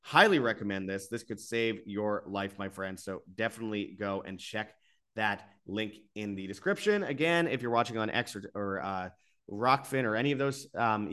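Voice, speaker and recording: A man's voice: on the low side, brisk, fairly bright tone. A man hosting his own channel, delivering an exasperated, repetitive monologue that keeps rising into bursts before he reads sponsor spots. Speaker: host of an alternative media channel.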